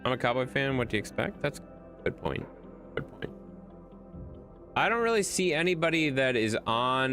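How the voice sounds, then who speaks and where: A man's voice: medium pitch, fairly bright tone. A man streaming a game late at night, chatting loosely with viewers and his dog and swearing freely. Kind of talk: casual livestream gameplay commentary.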